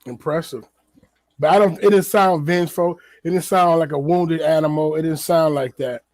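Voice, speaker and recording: A man's voice: on the high side, fairly even intonation, moderate pace, a little mellow, no echo. A man hosting a podcast in a casual solo commentary, talking loosely with many fillers and repeated words. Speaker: podcast host.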